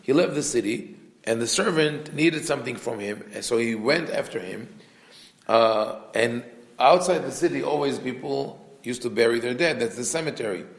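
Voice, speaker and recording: A man, a rabbi, teaching a Torah class, reading Hebrew text quickly and then explaining it in a conversational way. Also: medium pitch. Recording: echoey room.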